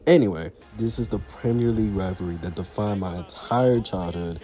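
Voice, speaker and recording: A young man giving casual, rambling commentary over his football video game, often saying "y'all" and "anyway", and getting excited over goals. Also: deep voice, normal speed. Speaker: gaming YouTuber. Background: background music.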